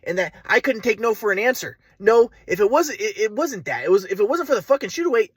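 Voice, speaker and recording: A man's voice: high voice, very animated, fast, hardly any pauses, a bit bright, husky, dry recording. A man telling a personal story in a rambling, agitated, profane monologue. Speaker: vlogger.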